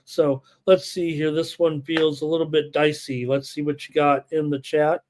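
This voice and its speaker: A man's voice: fairly high pitch, flat delivery, moderate pace, darkish tone. Man rattling off betting stats live. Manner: rattles off numbers and lineups, many filler uhs. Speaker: sports betting show host. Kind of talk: live betting analysis, reading stats and chat.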